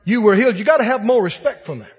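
High, animated preacher in a hall. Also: male voice, rapid-fire, breathy edge. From Mississippi, US. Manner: folksy, animated, laughing asides. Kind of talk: sermon. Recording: dull lo-fi sound in a long-echo hall.

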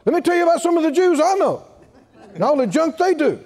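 A man preaching puts on the voice of an offended, proud woman who huffs and brags in a rapid, mocking rush. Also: very high-pitched, big pitch swings, darkish tone, big-room sound, voice pushed up, heavily acted. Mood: indignant. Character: indignant proud foreign woman, offended and boastful.

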